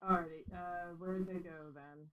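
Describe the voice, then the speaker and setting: A woman player steering her party through a tabletop game, pausing on fillers as she thinks. Her voice sits at an ordinary pitch. It comes through a dull, lo-fi microphone. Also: steady tone. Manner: organizing, hesitant with fillers. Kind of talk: casual game chat. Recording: dull lo-fi mic.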